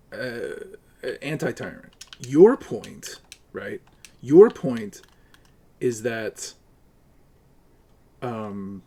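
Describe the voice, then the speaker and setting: A man's voice: fairly low pitch, darkish tone. A man streaming a game live, arguing with his chat and cursing at his teammates. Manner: profane, combative ranting at chat. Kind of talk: live gaming stream commentary.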